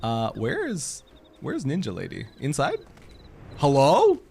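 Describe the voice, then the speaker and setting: A man's voice: mid-range voice, brisk, soft background music. A young man doing casual, joking commentary while playing a game. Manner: playful, joking, easily excited. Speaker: streamer.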